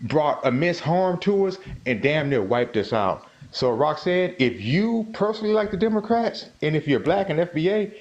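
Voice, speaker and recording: A man's voice: a little high, sing-song, normal speed, few pauses, a little mellow, highs cut off. A man calling in to a discussion, arguing his point emphatically and repeating himself as he presses on. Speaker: caller. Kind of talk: heated political argument.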